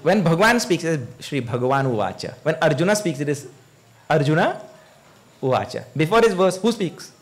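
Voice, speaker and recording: Animated swami, lively pitch. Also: male voice, a little fast. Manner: animated storytelling, chuckles, asks the audience "eh?". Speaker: swami giving a scripture discourse. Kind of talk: sermon.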